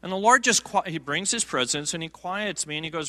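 Bright-voiced preacher in a reverberant sanctuary. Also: male voice, high voice, expressive, a little fast, few pauses. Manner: humorous, self-deprecating anecdotes with fillers and restarts. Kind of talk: storytelling sermon. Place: church sanctuary. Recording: long reverb of a large sanctuary.

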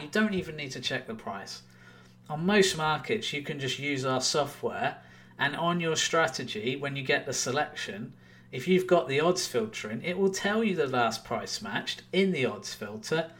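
A man's voice: medium pitch, fairly bright tone. Emphatic man hosting a podcast. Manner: emphatic, conversational, repeats points for stress. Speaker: podcast host, trading software owner. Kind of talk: solo podcast talk.

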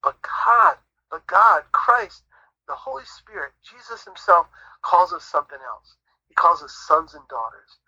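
A man's voice: high voice, sing-song, a little slow, vocal fry, pushed and bright, slightly rough, no echo. A man giving his faith testimony as an interview guest, in an earnest, preacherly storytelling manner, on muffled audio. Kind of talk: conversational Christian testimony.

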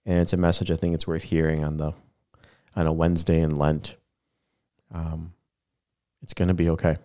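A man with a very low voice, a pastor reflecting on a sermon in casual conversation. He talks in a soft-spoken, thoughtful way. The sound is close and dry. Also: level tone, moderate pace, no echo. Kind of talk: casual podcast chat about a sermon.

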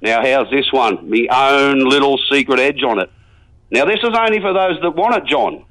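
A man's voice: medium pitch, animated, normal speed, a bit bright, close to an everyday voice, poor audio. A man playing a folksy, matey rural bloke with an Australian accent, phoning in to a comedy radio sketch. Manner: rambling, folksy, jokey. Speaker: regular caller.

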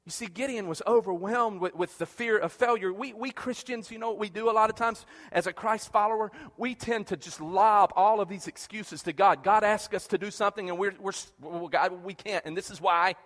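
Man preaching a sermon, high voice, lots of stammered repeats, big reverby hall. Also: a little fast, hardly any pauses. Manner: animated, acts out quoted prayers and dialogue; repeats words when starting a phrase.

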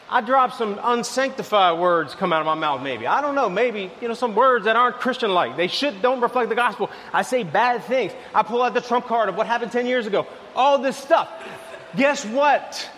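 A man preaching a sermon, telling a lively everyday story, then dropping to soft, low lines. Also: big-room sound, slight background noise. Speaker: pastor.

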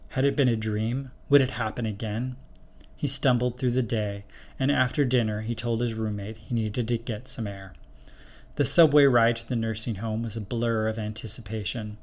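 A man narrating a spooky short story in a steady, measured reading voice. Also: medium pitch.

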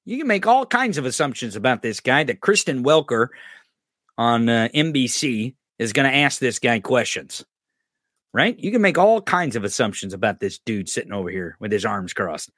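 A man's voice: mid-range voice, big pitch swings, moderate pace, a bit bright, no room sound, studio quality. A man hosting a podcast, giving crude, mocking political commentary and swearing constantly. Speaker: podcast host. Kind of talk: profane political commentary over clips.

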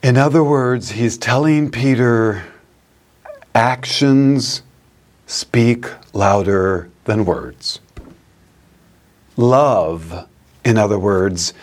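A priest delivering a homily at an unhurried, very slow pace, with a voice of middling pitch for a man. He tells stories, laughs along with them and lingers on key phrases. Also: a little mellow. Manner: storytelling, laughing at his own anecdotes. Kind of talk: sermon.

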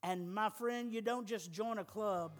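A man's voice: sits high, unhurried, faint music behind. A middle-aged man preaching a sermon as pastor, emphatic and folksy, with humor.

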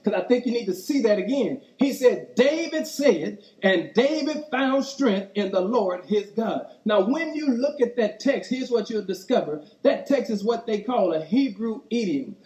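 A man's voice: high-pitched, dark tone, roomy sound, low-quality recording. A man a sermon with call-and-response, repeating key lines for emphasis. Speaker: pastor.

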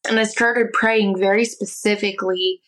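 A woman's voice: mid-range voice, steady tone, moderate pace, fairly bright tone, poor audio. A woman guest speaking earnestly and from the heart as she tells a personal faith story, sometimes restarting her words. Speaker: interview guest. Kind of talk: personal faith testimony in conversation.

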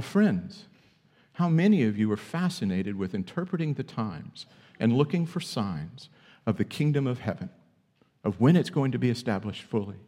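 A man preaching a sermon as pastor, emphatic, with high-pitched bursts when acting out questions. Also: a little mellow, big-room sound.

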